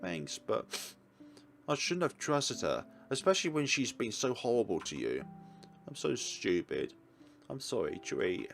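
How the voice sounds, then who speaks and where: A man voicing a gentle young game hero who blames himself, speaking in a hesitant, subdued way. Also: medium pitch, sing-song, a little slow, creaky, a little hiss or hum. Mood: self-blaming. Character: gentle, guilt-ridden young game hero, self-blaming.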